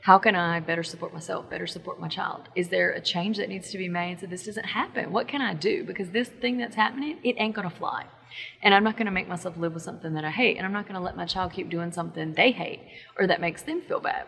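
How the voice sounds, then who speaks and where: A woman's voice: medium pitch, brisk, vocal fry, fairly bright tone, big-room sound. A woman in her thirties, a parent coach, giving casual, emphatic and encouraging advice straight to camera. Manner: encouraging, emphatic, quotes inner thoughts.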